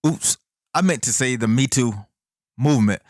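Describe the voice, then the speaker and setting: A man's voice: mid-range voice, moderate pace, a little mellow, no echo, clean studio sound. Indignant man ranting to camera. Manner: indignant, emphatic, with rhetorical questions; folksy asides to viewers. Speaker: commentary channel host. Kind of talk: opinion commentary monologue.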